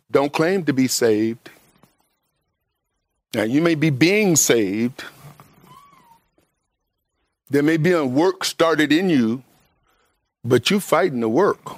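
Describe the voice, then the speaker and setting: Emphatic preacher man, high-pitched bursts. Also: dry recording. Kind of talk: sermon.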